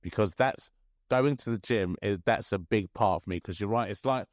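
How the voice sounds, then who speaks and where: A man in his thirties co-hosting a podcast in casual chat, chatty and quick to laugh. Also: lowish voice, dry recording, studio quality. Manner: chatty, laughs often, restarts sentences. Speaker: podcast co-host.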